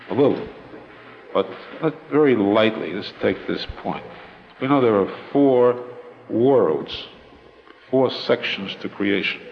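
A man giving a Torah lecture as a rabbi, explaining slowly with many pauses and restatements. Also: fairly low pitch, vocal fry, in a large hall, dull audio, slight background noise.

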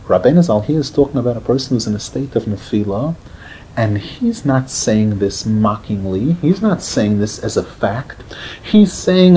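Male rabbi, mellow tone, lively lecturer who acts out quotes. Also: normal speed, slightly rough, rough recording. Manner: animated, acts out quotes with rising pitch, drops to a murmur. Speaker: rabbi teaching a Torah class. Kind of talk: Torah lecture.

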